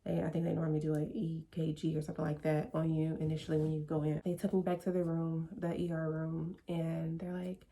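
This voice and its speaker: A woman's voice: sits low, monotone, brisk, hardly any pauses, dark tone, slight background noise. A woman vlogger telling a personal story in a casual, chatty way, full of "like" and "you know".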